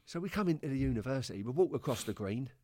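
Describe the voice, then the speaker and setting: A man, a former footballer, telling a funny anecdote as a podcast guest in a lively storytelling manner. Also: medium pitch, very fast, no room sound, studio quality. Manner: lively storyteller, jumps into voices.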